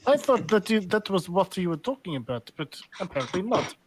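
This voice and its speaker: A man's voice: sits high, sing-song, brisk, breathy edge. A man playing in a tabletop game, chatting casually and thinking aloud. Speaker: player. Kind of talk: casual chat.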